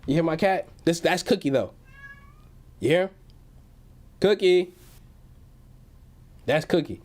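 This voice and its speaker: A man's voice: fairly high pitch, animated, takes it slowly, a little mellow. A young man hosting a casual livestream from home, hyped and slangy, reading out chat messages. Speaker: livestream host.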